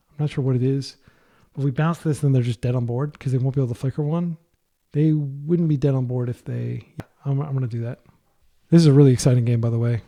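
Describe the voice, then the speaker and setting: A man commentating his own online card game, thinking out loud in a soft, light voice that is worn from a long day of talking. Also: medium pitch. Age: adult, a parent.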